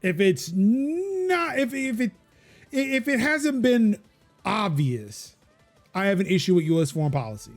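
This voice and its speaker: A man's voice: high-pitched, sing-song, measured pace, soft background music. A man hosting a casual tech podcast, rambling with many fillers and restarts. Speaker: podcast host.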